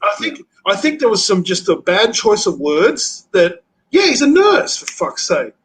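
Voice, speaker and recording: A blunt man hosting a casual stream chat. His voice sits a little high, and he swears freely, stopping and restarting his sentences. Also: very animated, measured pace, fairly bright tone, low-quality recording.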